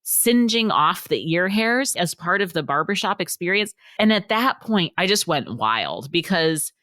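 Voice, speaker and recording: A woman's voice: lowish voice, big pitch swings, a little slow, a bit bright, dry recording, studio quality. A woman author talking as a podcast guest, telling stories animatedly and acting out the quotes. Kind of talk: casual storytelling in a podcast interview.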